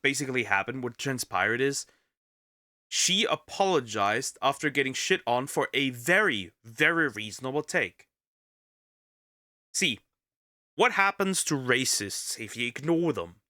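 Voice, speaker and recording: Bright-voiced sick man rambling in commentary. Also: medium pitch, dry recording, studio quality. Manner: rambling, repeats words, frequent restarts. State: a little sick. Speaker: vtuber reacting to a video. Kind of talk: casual reaction commentary.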